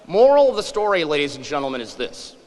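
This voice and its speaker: A man's voice: a little high, big pitch swings, fast, big-room sound, slight background noise, low-quality recording. A man in his forties giving a humorous public lecture, wry and self-deprecating. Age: 40s.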